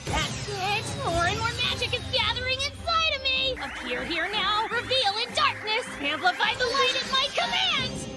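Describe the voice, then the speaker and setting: A woman's voice: very high voice, sing-song, normal speed, hardly any pauses. A woman voicing a brash young noble schoolboy chanting a spell in an anime English dub. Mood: cocky. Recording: studio voice over music.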